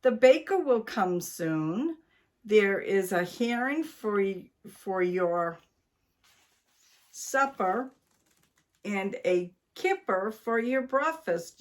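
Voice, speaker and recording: Woman reading as a brisk bossy older wife. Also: medium pitch, animated. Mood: instructing. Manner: firm, instructing.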